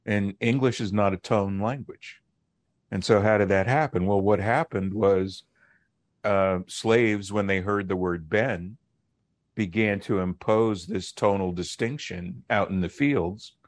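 A middle-aged man, a linguist guest on a radio interview, explaining in a measured, lecturing way and slowing down to stress key words. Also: on the low side, fairly even intonation, dry recording, clean studio sound.

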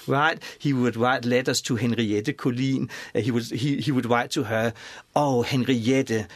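Male expert guest, animated storyteller, frequent restarts, dry close mic. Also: mid-range voice, no room sound. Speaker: author and scholar guest. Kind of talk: conversational expert explanation.

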